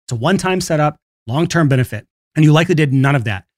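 A man's voice: a little high, lively intonation, quick pace, darkish tone, no echo, studio quality. A man hosting his own podcast alone, talking casually and laughing briefly between points. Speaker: podcast host. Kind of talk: solo podcast monologue on marketing.

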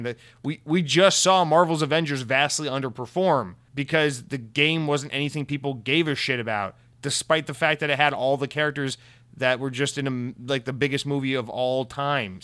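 A man's voice: medium pitch, fairly bright tone. A man hosting a casual gaming news commentary, sarcastic and ranting, swearing often.

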